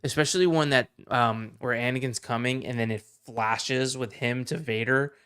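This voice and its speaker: In a casual podcast chat, a male guest speaks at normal speed with a smooth, mid-range voice. He's passionate and gets worked up with excitement as he goes.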